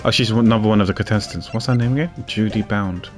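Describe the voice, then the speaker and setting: A man's voice: on the low side, fast, soft background music. A man streaming a game, chatting casually in a rambling, self-deprecating way and laughing often. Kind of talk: casual gaming chat.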